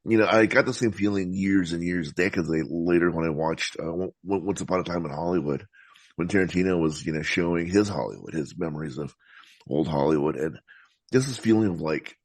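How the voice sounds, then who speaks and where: A man talking about films as a podcast guest, in a thoughtful, meandering way with frequent halting restarts. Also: low-pitched, no room sound. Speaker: podcast guest, film critic. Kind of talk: casual film discussion.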